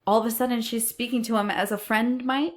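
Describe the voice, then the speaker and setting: A woman co-hosting a podcast, telling a history story in a casual, animated way, acting out quotes and swearing now and then. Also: a little high, fairly quick. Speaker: podcast co-host.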